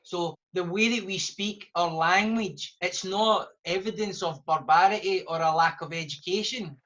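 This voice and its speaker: A man's voice: high-pitched, normal speed, a bit bright. A Scottish man, a guest author, talking fluently and passionately in a live podcast discussion. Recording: dull lo-fi sound.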